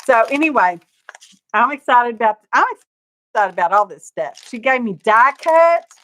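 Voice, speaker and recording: A woman's voice: a little high, lively intonation, normal speed, pushed and bright. An older woman, chatty and gushing, hosting a live craft show-and-tell from her studio. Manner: chatty and gushing, greets viewers by name, frequent laughs. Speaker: craft channel host.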